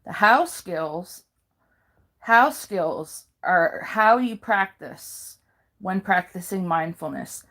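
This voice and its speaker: A woman reading handouts aloud in a careful, halting way, pausing and correcting herself now and then. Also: lowish voice, animated, sharp tone. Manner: slow careful reading with pauses and self-corrections. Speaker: video maker.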